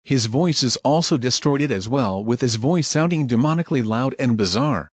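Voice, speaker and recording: A man's voice: mid-range voice, moderate pace, husky, no echo. Plain-spoken male narrator, dry sound. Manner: plain, even recounting of scenes. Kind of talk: scripted narration.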